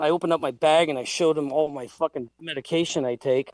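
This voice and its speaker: A man's voice: on the high side, moderate pace, no echo. A man telling a heated, profane story in a casual livestream chat. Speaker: guest.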